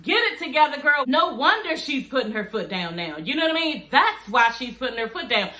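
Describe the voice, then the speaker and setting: A woman's voice: fairly high pitch, very animated, brisk, pushed and bright. A woman YouTuber recapping a reality show in a sassy, blunt, profane chat, laughing often. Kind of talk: casual chat. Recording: echoey room.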